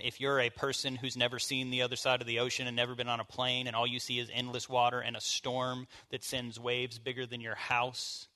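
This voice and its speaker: A man's voice: mid-range voice, sharp tone. A man leading a church bible study, teaching in an informal, conversational way and asking the group questions. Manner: informal, asks the group questions, casual fillers.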